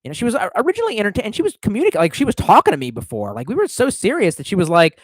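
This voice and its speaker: A man's voice: high-pitched, wildly swooping pitch, fast, hardly any pauses, a bit bright, no room sound. A young man streaming, telling a long rambling story in casual, profane talk.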